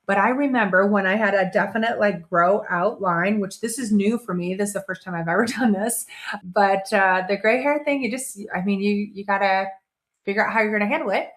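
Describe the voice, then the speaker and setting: A woman's voice: mid-range voice, brisk, a bit bright. A middle-aged woman hosting a casual motivational talk, conversational, restarting her sentences and slipping into playful quoted voices. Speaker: host.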